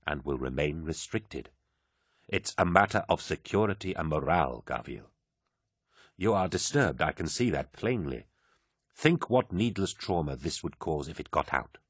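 A man's voice: low voice, fairly bright tone, husky, no echo, clean studio sound, heavily acted. A man voicing a stern, pragmatic first captain. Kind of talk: audiobook character voice.

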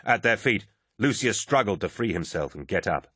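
A man's voice: fairly low pitch, lively intonation, normal speed, fairly bright tone, breathy edge, dry recording, clean studio sound. A man narrating a military science fiction audiobook, reading battle scenes dramatically. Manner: dramatic, vivid action reading.

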